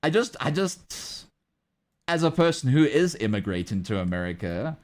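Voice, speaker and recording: Lively, rambling young male streamer. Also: medium pitch, normal speed. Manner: rambling, hesitant, laughs often. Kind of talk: casual livestream chat.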